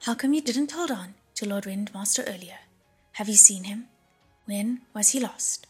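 A breathy-voiced woman voicing a patient young male prince who speaks softly and soothingly, in an audiobook. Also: sits high, normal speed, soft background music. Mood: anxious. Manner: soft and soothing.

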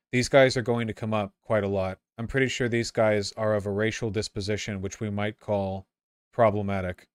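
A man's voice: lowish voice, no room sound. A man reading a history text aloud and breaking off into casual, sarcastic asides, often stumbling and repeating words.

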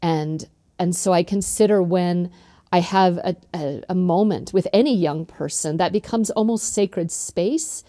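A woman's voice: on the low side, unhurried, mellow, no echo, clean studio sound. A middle-aged woman from northern Utah, an author being interviewed, telling stories earnestly with frequent ums. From northern Utah, USA. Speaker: author guest. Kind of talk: interview storytelling.

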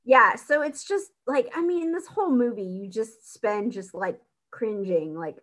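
Woman, slightly high pitch, casual chat, movie recap, chatty, lots of fillers. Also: lively intonation, a little slow, hardly any pauses, fairly bright tone. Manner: chatty, agreeing, frequent fillers, acts out quotes.

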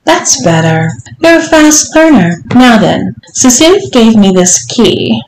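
An imperious, mocking older lady of the manor drawls her words in a storybook read-aloud, voiced by a woman. Her voice rides noticeably higher than the narration, slow and teasing. The room around her gives a roomy echo. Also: sing-song, slight background noise. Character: haughty, mocking wealthy older lady of the house.

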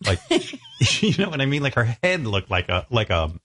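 A man's voice: medium pitch, big pitch swings, normal speed, a bit bright, slight background noise. A man telling a crude, graphic comic story on a talk show, rambling and chuckling as he goes.

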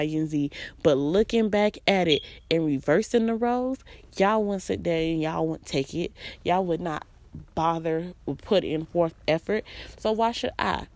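Woman vlogger, emphatic and profane, in a dark, dry voice. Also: fairly low pitch, no room sound. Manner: emphatic, blunt, profane, repeats phrases for emphasis. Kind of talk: venting personal monologue.

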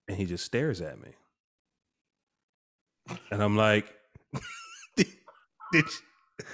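Animated man telling family stories. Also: on the low side, very slow, pauses often, husky. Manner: animated storyteller, acts out quotes, laughs often. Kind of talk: casual chat.

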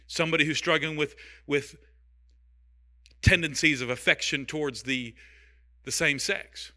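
A male pastor preaching with a high, very bright and forceful voice. His sermon is conversational and humorous. He often repeats his phrases for emphasis.

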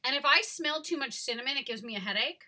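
A young woman co-hosting a casual podcast, chatty and rambling, quick to laugh. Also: high-pitched, expressive, bright, forceful tone. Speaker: podcast co-host. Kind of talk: casual chat.

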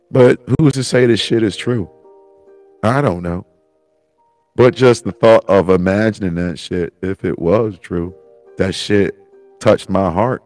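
A man's voice: on the low side, takes it slowly, pauses often, darkish tone, faint music behind. A man crying while rambling through a profane personal monologue on his own show, breaking into laughs. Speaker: podcast host.

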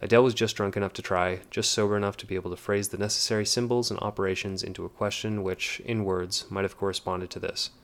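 Deep, flat-voiced male narrator. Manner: measured, even. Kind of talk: scripted audiobook narration.

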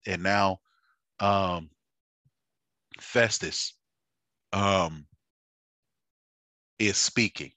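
A man preaching a sermon, halting with fillers and restarts, building to fervent emphasis. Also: low voice, bright, forceful tone, no echo.

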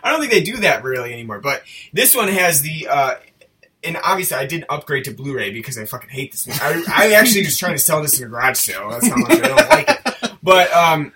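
A man's voice: on the high side, very animated, fast talker, sharp tone, distant mic. A man co-hosting a casual movie review chat, rambling and self-interrupting as he talks, often laughing. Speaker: podcast co-host.

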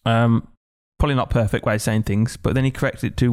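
A man's voice: mid-range voice, fairly even intonation, quick pace, a little mellow, smooth. A man hosting a casual podcast chat, ranting and reading out quiz questions. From Britain. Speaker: podcast host.

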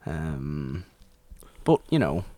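A man's voice: a bass voice, very slow, no room sound. A man co-hosting a casual film discussion, rambling and often restarting his sentences. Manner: rambling, self-interrupting, animated.

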